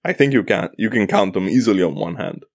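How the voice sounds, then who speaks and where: Guy from italy co-hosting a podcast, kinda low voice, rambles with lots of likes, dry close sound. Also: lively intonation, fast, no echo. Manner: rambling, lots of fillers, easily sidetracked. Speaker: podcast co-host. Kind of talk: casual podcast chat.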